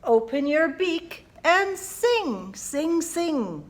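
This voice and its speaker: A woman's voice: high voice, lively intonation, slow, a bit bright. A woman librarian hosting a family storytime, reading a picture book and leading children in playful actions and bird sounds.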